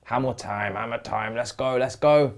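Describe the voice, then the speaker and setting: A man's voice: medium pitch, moderate pace. A young man co-hosting a live race watchalong, cheering on drivers, exclaiming and laughing as he reacts.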